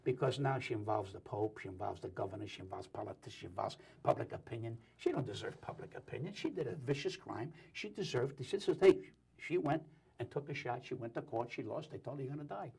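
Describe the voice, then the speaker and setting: A man talking as a guest on a talk show, telling jokes and opinions in a rapid, wisecracking way. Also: medium pitch, expressive, vocal fry, darkish tone, breathy edge. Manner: rapid, joking, wisecracking storyteller. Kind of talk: animated talk show banter.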